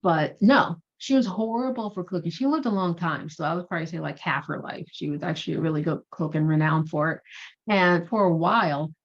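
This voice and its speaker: A woman's voice: fairly low pitch, fairly quick. A woman career coach talking casually and at length, chatty and digressive, often correcting herself. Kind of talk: casual explanatory talk. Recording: dull lo-fi sound.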